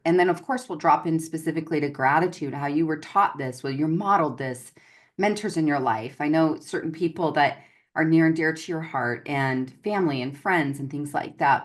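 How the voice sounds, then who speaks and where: A woman hosting an online gratitude series, introducing her guest in an effusive, gushing way. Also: low voice. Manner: effusive and gushing, calls listeners "y'all". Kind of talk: enthusiastic livestream interview.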